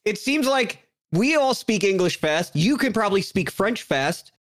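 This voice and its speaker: A man in casual podcast banter, animated and profane, joking and putting on silly voices. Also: high voice, moderate pace.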